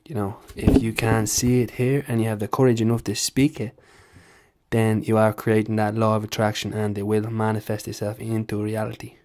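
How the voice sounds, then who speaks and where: A man's voice: on the low side, level tone, normal speed, darkish tone, a little hiss or hum, lightly acted. A man doing an impression of a brash Dublin fighter in a comedy vlog, speaking with a swaggering Dublin accent. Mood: boastful. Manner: swaggering, self-assured, sweary. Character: brash Dublin fighter giving a motivational boast.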